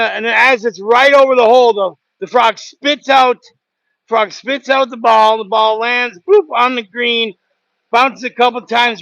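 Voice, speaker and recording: A man's voice: very high voice, bright, forceful tone, no echo, rough recording. A man hosting a casual livestream from a sawmill, telling a rambling joke with goofy sound effects. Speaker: sawmill worker and livestream host. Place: outdoors at a sawmill.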